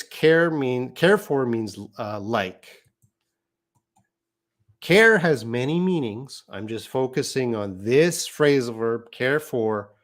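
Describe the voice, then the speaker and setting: A man teaching an English lesson on a live stream, reading out viewer comments and explaining patiently. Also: medium pitch.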